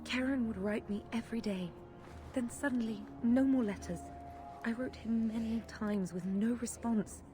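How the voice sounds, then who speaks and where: A woman's voice: on the high side, moderate pace, over music, natural voice. An actress playing a devout woman who anxiously pleads for help finding her missing brother, in formal speech.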